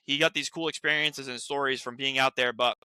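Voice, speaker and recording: Bright-voiced young man telling stories. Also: mid-range voice, steady tone, fairly quick, clean tone, dry recording. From Rhode Island. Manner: rambling storyteller, many restarts and "like"s. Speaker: guest actor. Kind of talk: casual chat.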